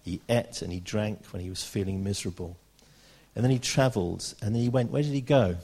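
A British man preaching a sermon, reading scripture aloud and slowing down for emphasis. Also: lowish voice, warm tone, husky. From Britain. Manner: earnest, slows down for emphasis, reads scripture aloud.

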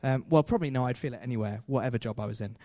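A man's voice: mid-range voice, very fast, dark tone, no echo, studio quality. A man preaching a sermon in a chatty way, with self-deprecating jokes and frequent fillers.

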